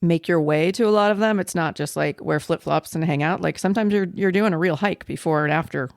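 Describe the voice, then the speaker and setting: A woman from California co-hosting a podcast, chatting in a relaxed, teasing way. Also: lowish voice, gravelly, no room sound, studio quality. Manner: relaxed, teasing, drawn-out delivery. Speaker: podcast co-host. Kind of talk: casual travel chat.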